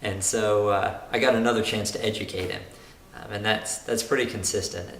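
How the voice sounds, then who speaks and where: In a roomy room with a faint hiss, a young man who drives race cars gives a personal testimonial. His voice is fairly low, creaky, and a bit bright, with fairly even intonation at normal speed, and he speaks earnestly and reflectively, frequently restarting sentences.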